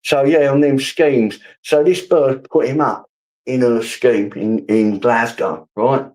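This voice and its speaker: A man's voice: medium pitch, fairly even intonation, slow pace, a little mellow, low-quality recording. Swearing man ranting on stream. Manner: swearing, rambling storyteller who answers his chat. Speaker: live streamer. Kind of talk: casual live-stream rant.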